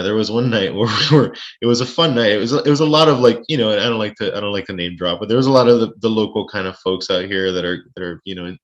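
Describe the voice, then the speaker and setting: A man's voice: sits low, fairly bright tone, muffled recording. A man being interviewed over a live stream, chatty and rambling, with lots of restarts and joking asides. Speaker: space-tourism lodging owner.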